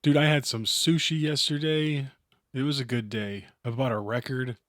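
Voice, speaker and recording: A man's voice: medium pitch, steady tone, normal speed, a bit bright, dry recording, studio quality. A man co-hosting a podcast, talking in a goofy, playful, casual way. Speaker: podcast co-host. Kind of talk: casual chat.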